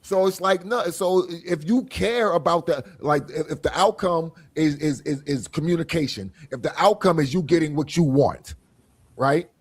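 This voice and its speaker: Animated man telling stories in analogies. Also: fairly high pitch, moderate pace, husky. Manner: animated storyteller, acts out quoted voices, laughs often; speaks in analogies, repeats phrases. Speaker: podcast host. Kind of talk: casual group discussion.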